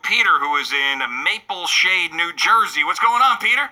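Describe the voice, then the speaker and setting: A man's voice: high voice, expressive, normal speed, pushed and bright. A man hosting a call-in radio show, chatting with a caller in a conversational, bantering way. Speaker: sports radio host.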